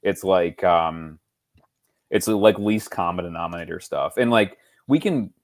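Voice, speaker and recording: A man's voice: sits low, a little slow. A man co-hosting a casual football podcast, rambling through stories and mimicking other people. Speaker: podcast co-host. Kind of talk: casual chat.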